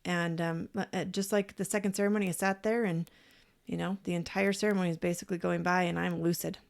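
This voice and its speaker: A woman co-hosting a podcast, telling a personal story in a casual, animated way, acting out what people said and swearing freely. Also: on the low side, brisk, gravelly. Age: parent, adult. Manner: animated, acts out quoted voices. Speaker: podcast co-host.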